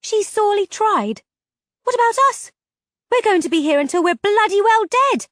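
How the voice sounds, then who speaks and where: Woman reading defiant young heroine, heated, high voice, dry sound. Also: very animated, moderate pace, dry recording. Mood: frantic. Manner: heated, pleading outbursts.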